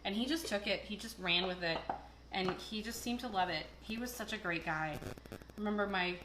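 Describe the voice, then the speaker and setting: A woman with a mid-range voice talks at a moderate pace while hosting a casual cooking video, mixing chat, jokes and stories. The background is noisy. The camera is across the echoey kitchen, catching the clatter of dishes and cutlery as she cooks.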